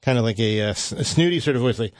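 A man's voice: medium pitch, lively intonation, fast talker, dry recording. A man hosting a radio interview, easygoing and joking with his guest. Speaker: radio host.

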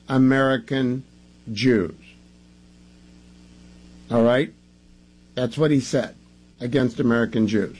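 A male talk radio host with a husky, breathy edge to his voice, speaking at an ordinary pitch. He drives his points home emphatically and combatively, repeating phrases for effect. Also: poor audio.

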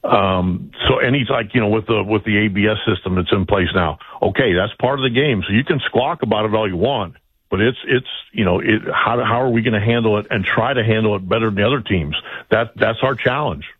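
Man, 60s, baseball manager guest, folksy and rambling, husky, dull lo-fi line. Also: fairly low pitch, fairly quick, no room sound. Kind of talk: casual phone-in interview.

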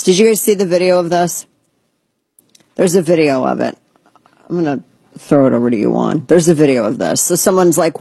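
Husky woman host, sarcastic rant, swoops up into mocking voices, dry close mic. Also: moderate pace, a little mellow, dry recording. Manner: sarcastic, ranting, mocks others in squeaky voices. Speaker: podcast host. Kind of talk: casual opinionated commentary.

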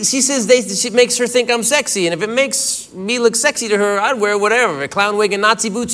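A man's voice: high-pitched, fairly quick. A man telling a rambling stand-up comedy story, acting out quotes with exaggerated energy. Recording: live club set with loud crowd and noise.

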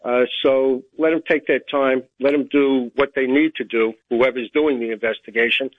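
A man speaks as a radio guest in a hesitant, measured way, filling his pauses with uh's. His voice comes through a thin, tinny phone line. It is dry and mid-pitched. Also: fairly even intonation, no echo. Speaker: guest commentator. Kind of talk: phone interview on talk radio.

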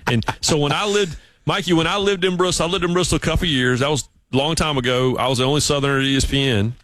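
A man from South Carolina with a Southern accent, hosting a radio sports show and telling stories in a lively, animated way. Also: a little high, quick pace, no room sound. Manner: animated storyteller, mimics voices. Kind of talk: casual radio chat and storytelling. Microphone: studio mic.

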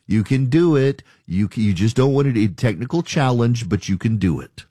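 Talk radio guy ranting on a studio mic, dead dry sound, middle pitch. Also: lively intonation, fairly quick, hardly any pauses, warm tone, no room sound. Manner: emphatic, argumentative, mocking callers' objections. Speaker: radio talk show host. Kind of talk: opinionated talk radio monologue.

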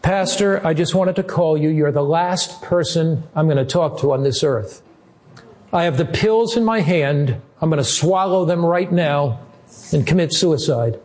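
A woman's voice: deep voice, a little slow, a little mellow. A man retelling a despairing young woman caller.

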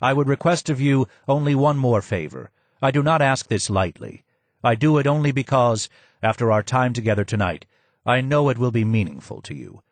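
A man's voice: mid-range voice, animated, moderate pace, dry recording. A man doing a courteous, formal guide. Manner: polite, formal. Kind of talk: audiobook character voice.

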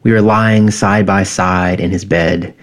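A man in his thirties reading his own personal essay in a quiet, measured, reflective way. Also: sits low, steady tone.

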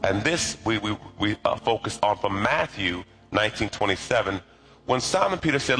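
A middle-aged pastor preaching a lively, conversational sermon with call-and-response. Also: male voice, lowish voice, normal speed, faint music behind.

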